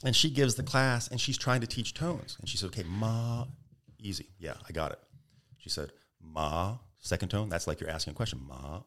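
Man, very low voice, podcast guest, animated storyteller, middle-aged. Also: fast. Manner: animated storyteller, acts out tones and quotes. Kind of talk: storytelling interview.

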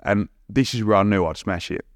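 A young man with a London accent, a podcast guest telling a story in a lively, cheeky way, acting out what people said and laughing often. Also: fairly low pitch, a little fast, no room sound, clean studio sound. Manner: blunt and cheeky, swears casually. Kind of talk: casual storytelling.

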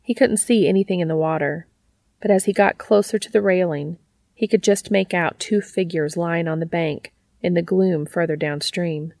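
Woman narrating a story, low voice with lots of fry, dry close sound. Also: moderate pace, a little mellow, dry recording. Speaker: audiobook reader. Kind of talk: reading fiction aloud.

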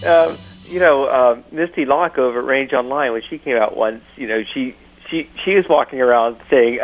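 A man co-hosting a casual podcast, laughing and ranting with lively swings in his voice. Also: mid-range voice, normal speed, highs cut off. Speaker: regular co-host.

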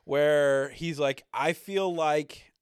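A man's voice: a little high, drawn-out words, clean tone, dry recording, studio quality. A man co-hosting a casual recap podcast, joking and acting out quotes with frequent laughter. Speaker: podcast co-host.

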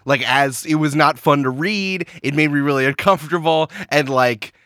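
A man guesting on a podcast, chatting casually in a jokey, animated way and laughing often. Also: fairly high pitch, moderate pace, dry recording, clean studio sound.

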